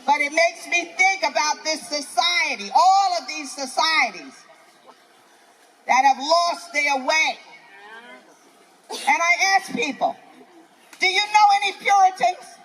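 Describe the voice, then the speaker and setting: Brash, high-voiced New York woman comic. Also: takes it slowly, pauses often, a bit bright, poor audio. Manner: brash, profane, preachy rants. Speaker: stand-up comedian. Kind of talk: live stand-up set. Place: outdoor festival stage.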